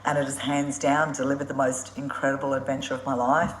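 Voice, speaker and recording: A low-pitched woman chats on a live stream, spinning travel stories in a blunt, animated way and swearing without a second thought. She laughs often as she talks. Her voice bounces around a roomy, echoey space. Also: a little fast, a little hiss or hum. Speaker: motorbike traveller hosting a live Q&A. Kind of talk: casual live-stream storytelling.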